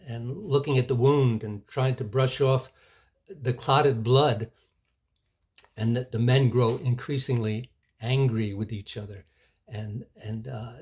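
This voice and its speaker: A man preaching in an unhurried storytelling way. He tells a sermon illustration, breaks off for little asides and repeats words as he goes. His voice sits at an ordinary middle pitch.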